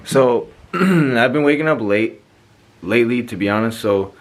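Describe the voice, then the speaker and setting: A young man greeting his vlog viewers casually from a studio, in a laid-back, relaxed way. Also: medium pitch, unhurried. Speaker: vlogger.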